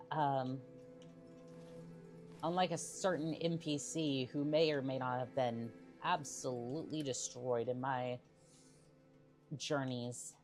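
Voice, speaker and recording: Low, unhurried woman streamer; joking gameplay commentary to chat. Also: darkish tone. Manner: jokey, chatting to viewers. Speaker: game streamer.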